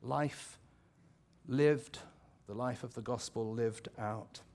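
An English pastor delivers a sermon in a relaxed, conversational manner. His voice sits at an ordinary middle pitch, and he thinks aloud with asides and restarts. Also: slow pace. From England.

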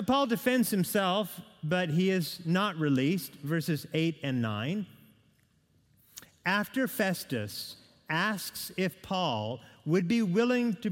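A man preaching a sermon, talking his listeners through a Bible passage in a conversational way, with asides, questions and restarts. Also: on the high side. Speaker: pastor. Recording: long reverb of a church hall.

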